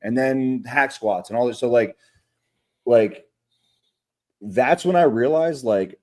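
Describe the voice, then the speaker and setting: A man's voice: mid-range voice, takes it slowly, pauses often, darkish tone. A man co-hosting a podcast in casual chat, rambling through gym stories with lots of fillers and casual swearing. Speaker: podcast co-host, bodybuilder.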